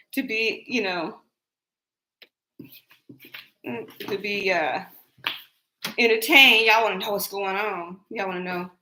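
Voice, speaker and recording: An older woman hosts a tarot livestream, chatting loosely with her viewers, rambling and laughing often. Her slightly high voice is bright and forceful, heard through a low-quality recording.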